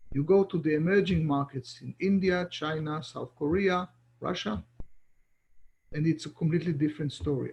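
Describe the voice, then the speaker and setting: A man's voice: a little high, a little mellow. A middle-aged man, giving an online lecture as an ambassador, talking with many restarts and repeated words.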